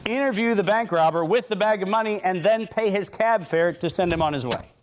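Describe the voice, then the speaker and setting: Man lecturer, high pitch, sarcastic, emphatic, hammers home each point in a talk with slides. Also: fairly quick, slight background noise. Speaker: speaker giving a talk.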